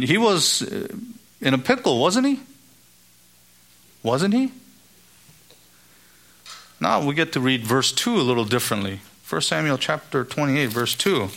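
A man's voice: medium pitch, fairly bright tone. A man giving an expository Bible teaching, asking rhetorical questions and acting out the lines of the characters he quotes.

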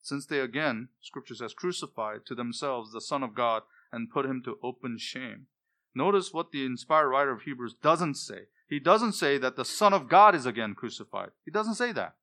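Bright-voiced man preaching with fiery emphasis. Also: medium pitch, animated, normal speed. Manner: impassioned, emphatic preaching with sudden loud peaks. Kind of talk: sermon.

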